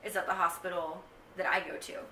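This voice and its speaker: Young woman vlogger, casual rambling chat, bright tone, roomy distant camera sound. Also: fairly low pitch, little pitch movement, a little fast, slight background noise. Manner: chatty, rambling with frequent ums. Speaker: vlogger giving a pregnancy update. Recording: echoey room, mic set back.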